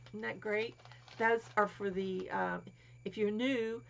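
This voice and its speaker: Woman crafting vlogger with a gravelly voice, fond cooing show-and-tell, at home. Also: medium pitch, fairly even intonation, takes it slowly. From Florida. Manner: cooing over small toys, drops to whispers. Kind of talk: casual show-and-tell vlog. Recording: dull lo-fi home recording, faint hiss.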